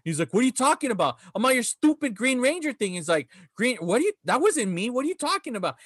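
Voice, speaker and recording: A man's voice: sits high, very animated, quick pace, a bit bright, breathy edge, no echo, studio quality. A man hosting a podcast, telling stories in casual chat, laughing often and swearing freely. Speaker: podcast host.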